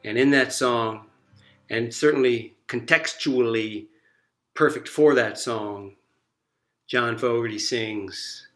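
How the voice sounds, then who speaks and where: A man introducing his own song in a soft, halting, rambling way, joining over a video call from home. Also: medium pitch, soft background music. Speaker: singer-songwriter performer. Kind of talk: casual spoken song introduction. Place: at home in Virginia, joining remotely.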